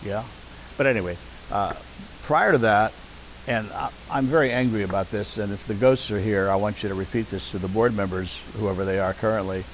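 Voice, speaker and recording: A man's voice: on the low side, fairly quick, slight background noise, rough recording. An older man, an interview guest and veteran community theater actor, reminiscing in conversation and perking up when he quotes people. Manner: anecdotal, animated when quoting people.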